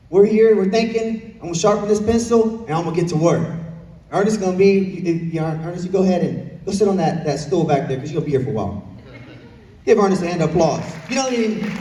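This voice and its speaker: A young man with a drawl preaches with earnest repetition and asks his congregation questions. His voice sits unusually high for a man. It rings through a big church hall, picked up from well back in the room. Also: darkish tone. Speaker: pastor. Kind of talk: sermon. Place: church sanctuary. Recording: echoey church hall from far off.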